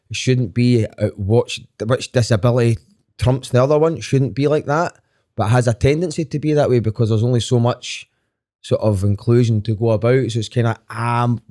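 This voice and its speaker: A Scottish comedian in his thirties, appearing as a guest on a podcast, speaks in a warm, mid-range male voice. He tells stories frankly and earnestly, swearing casually throughout this candid, conversational chat.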